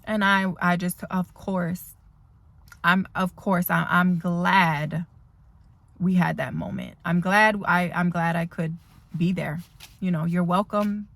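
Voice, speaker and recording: A woman's voice: on the low side, fairly even intonation, slow, gravelly, fairly bright tone, no echo. Earnest woman vlogging from her car. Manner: earnest, rambling, emotional. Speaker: dental assisting instructor. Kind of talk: heartfelt storytelling vlog. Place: parked car.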